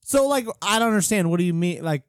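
A man running a podcast segment, teasing and bossing his co-hosts. His voice is notably high and swings widely in pitch, recorded close and dry. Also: expressive, fast talker, clear, resonant tone, no room sound. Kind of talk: casual banter.

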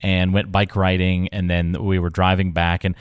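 A man co-hosting a financial podcast, chatting casually and telling relaxed stories with easy laughs. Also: deep voice, normal speed, clean tone, no echo, studio quality. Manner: relaxed storytelling, laughs easily. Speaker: podcast co-host.

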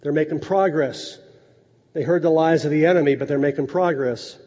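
A man preaching a sermon in a conversational way, dropping low and soft to drive points home. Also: moderate pace. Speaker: pastor. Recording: echoey hall, dull lo-fi sound.

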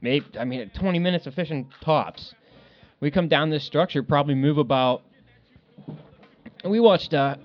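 Give me a loud, swearing man telling a fishing trip story on a lo-fi recording. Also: mid-range voice. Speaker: podcast co-host. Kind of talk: casual storytelling. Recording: dull lo-fi sound.

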